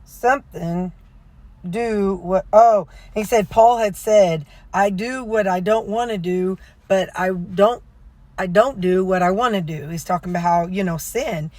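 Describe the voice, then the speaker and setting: A woman's voice: mid-range voice, measured pace, darkish tone, no echo. Woman rambling while talking from a car. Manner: rambling, with many fillers and self-corrections. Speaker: vlogger. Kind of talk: casual retelling of a sermon. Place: inside a car.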